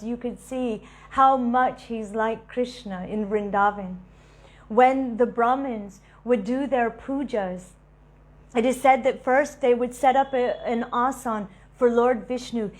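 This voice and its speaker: Animated woman telling devotional stories. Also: on the high side. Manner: animated storyteller, laughs between stories. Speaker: devotional speaker. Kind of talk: devotional storytelling talk.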